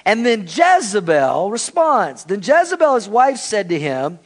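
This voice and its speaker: Brief: man pastor, animated conversational sermon, high voice. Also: measured pace, few pauses.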